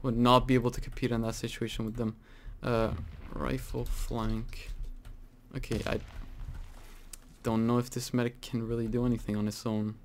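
A man giving casual, rambling commentary over his own gameplay, full of fillers and sudden excited outbursts. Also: medium pitch, normal speed, slight background noise. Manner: chatty, rambling with many fillers, bursts into excited exclaims. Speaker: gaming channel host.

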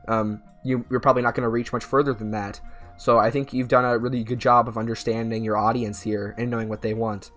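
A man's voice: mid-range voice, flat delivery, fairly quick, a bit bright, soft background music. Rambling male game commentator. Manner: rambling, many fillers and restarts. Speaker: gaming YouTuber. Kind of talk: casual let's-play commentary.

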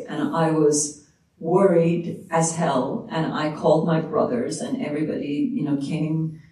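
A woman tells a personal story at an unhurried pace, thinking aloud with many pauses and fillers. Her voice sits back from the microphone, and the room answers with a heavy echo. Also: low voice, warm tone. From Iran. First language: Persian. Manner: measured, reflective, with many fillers and restarts. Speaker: author, guest. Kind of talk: storytelling answer in a moderated talk. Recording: echoey room, distant mic.

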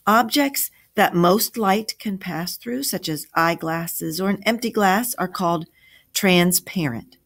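A man's voice: sits high, takes it slowly, creaky, a bit bright, voice pushed up, full character voice. A woman reading as a teasing old grandfather. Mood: explaining. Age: older. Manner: teasing, eager to explain. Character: patient, teasing grandfather explaining science.

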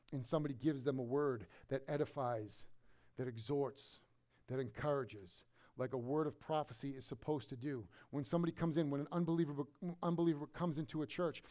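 A middle-aged pastor preaching a sermon, telling a personal story with emotion, swinging from loud emphasis to hushed quiet. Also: male voice, fairly high pitch.

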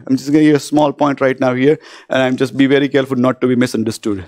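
A man's voice: medium pitch, little pitch movement, rapid-fire, darkish tone, no room sound, studio quality. A man preaching a fervent sermon as pastor, often breaking in with hallelujah and praise God and asking the church "isn't it?". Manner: asks isn't it of the congregation.

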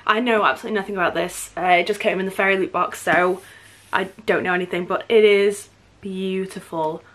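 A young woman from the UK chatting casually as a book vlogger, gushing and excitable with quick asides. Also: mid-range voice, rough recording. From United Kingdom. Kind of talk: casual chat.

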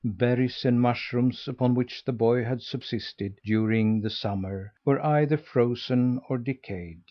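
A man narrating a classic children's novel in a measured, steady reading. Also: medium pitch, highs cut off. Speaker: audiobook narrator. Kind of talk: scripted storybook narration.

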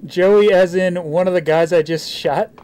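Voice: medium pitch, unhurried, mellow. Sarcastic rambling game streamer. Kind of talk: live gameplay commentary.

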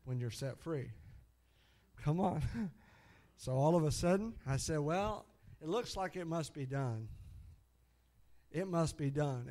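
A middle-aged man preaching, telling stories with frequent hallelujahs and laughter. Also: medium pitch. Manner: animated, exclaims hallelujah often, laughs at own stories. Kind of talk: sermon storytelling.

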